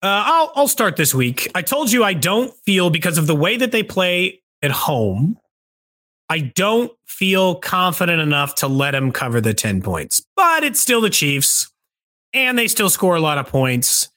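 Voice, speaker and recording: A man hosting a sports podcast, chatting casually and animatedly in quick bursts. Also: sits high, sing-song, sharp tone.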